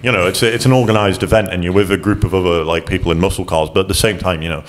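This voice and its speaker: Deep-voiced sweary man chatting as a guest. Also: steady tone, rapid-fire, big-room sound. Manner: sweary, rambling, lots of fillers. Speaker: podcast guest. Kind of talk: casual chat.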